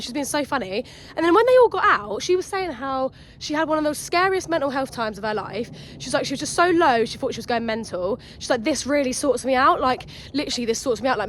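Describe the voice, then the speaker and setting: A bright, high-pitched young woman in her twenties talks quickly to her phone while out walking in nature. She rambles and gets excited, piling one thought on top of the next in a casual vlog chat. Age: 20s. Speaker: podcast host. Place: outdoors in a nature reserve.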